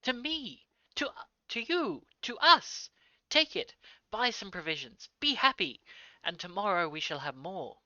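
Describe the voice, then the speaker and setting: A man voicing an eager, generous young sailor who exclaims excitedly in a storybook reading. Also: on the high side, moderate pace, dry recording, muffled recording. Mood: elated.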